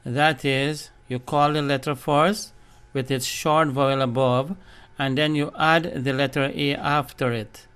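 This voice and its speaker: A male teacher leads a beginner language lesson. He goes through letters and syllables one at a time, taking his time, and his voice comes across smooth and resonant. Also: medium pitch, steady tone, a bit bright. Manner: patient, deliberate spelling and drilling of syllables. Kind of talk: slow instructional lesson, spelling out letters.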